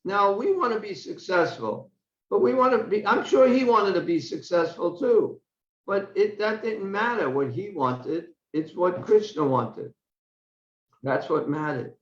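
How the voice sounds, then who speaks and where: A man's voice: high voice, lively intonation, measured pace. An older man giving a scripture class in a conversational way, often repeating words as he thinks. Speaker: class speaker. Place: temple hall. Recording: echoey, dull lo-fi class recording.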